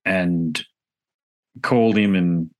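A man's voice: low voice, takes it slowly. An Australian man hosting a podcast, chatting casually and telling rambling stories that he keeps correcting as he goes. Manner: rambling, self-correcting storyteller. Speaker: podcast host. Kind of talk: casual chat.

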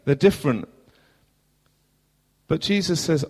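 A man with a southern English accent preaching a sermon as pastor in a church, earnest, asking rhetorical questions and moving between loud and hushed passages. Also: fairly high pitch, lively intonation, moderate pace. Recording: long hall reverb.

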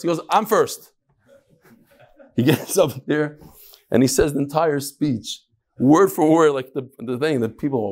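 A man teaching a text class who reads passages aloud, then explains them in relaxed talk and tells stories. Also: fairly high pitch, normal speed, pauses often. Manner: storytelling, acts out quoted voices. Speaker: Talmud teacher. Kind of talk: Talmud class lecture.

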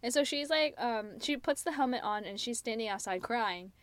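A woman's voice: a little high, animated, moderate pace, fairly bright tone, no echo. Woman chatting thru a drama recap, dry close sound, lots of likes and ums. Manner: chatty recap, many fillers. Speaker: podcast co-host recapping a drama. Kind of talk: casual chat.

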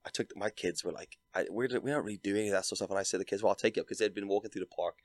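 A Northern Irish man in his thirties talks fast and casually, his voice very low. He tells stories in a dry, deadpan way, full of "like". The sound is close and dry, with no room echo. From Northern Ireland. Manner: dry, deadpan storytelling with lots of "like". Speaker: podcast guest, content creator. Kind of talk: casual chat.

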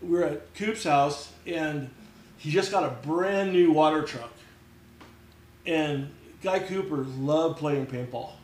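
A man's voice: on the high side, slow. A middle-aged man spins a rowdy story as a podcast guest, his voice sitting a touch above the usual male range. He swears casually and keeps slipping into the voices of the people he describes. The sound rings with a noticeable room echo. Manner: profane, animated, acts out quoted voices. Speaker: podcast guest, former mechanic. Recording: roomy echo.

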